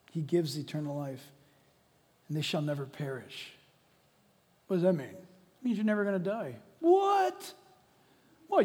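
A man preaching a sermon as pastor, swinging from shouting to hushed, quiet lines. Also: fairly high pitch. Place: church sanctuary. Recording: long reverb of a large hall.

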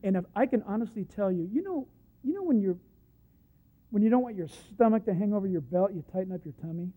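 A male preacher giving a sermon, emphatic, swinging from hushed asides to loud points and acting out the scripture stories he tells. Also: high voice, animated, quick pace. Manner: acts out the Bible quotes he tells. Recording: muffled lo-fi recording.

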